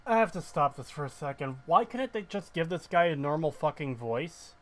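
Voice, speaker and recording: A man's voice: fairly high pitch, expressive, moderate pace, a bit bright. Sarcastic, swearing male game streamer. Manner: blunt and sarcastic, swears freely. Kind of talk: casual ranting commentary.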